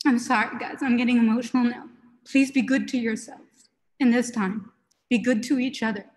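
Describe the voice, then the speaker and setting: A woman with a slightly high, husky voice hosts a virtual gallery reception over a video call. She talks in a loose, chatty way and gets openly emotional as she thanks everyone. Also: rough recording. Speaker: gallery host. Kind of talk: virtual reception closing remarks.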